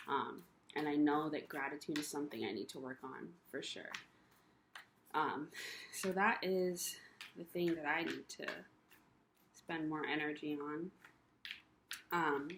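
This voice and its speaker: In this confessional rant, a young vlogger with a deep, dark-toned voice sounds tired and emotional. Her talk wanders and loops back, full of fillers like um and you know, while faint noise hisses underneath.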